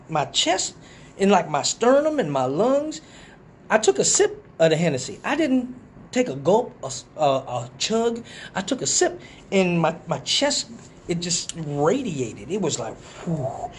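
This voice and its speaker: Animated man telling a story. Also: a little hiss or hum. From Detroit. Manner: animated, profane, acts out quotes in a higher voice. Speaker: live stream host. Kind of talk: casual storytelling.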